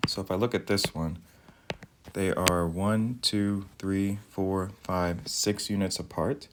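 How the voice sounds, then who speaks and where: A math teacher walking through a recorded video lesson. He speaks in a very low voice, calm and methodical, counting things out one step at a time. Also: slow, slight background noise.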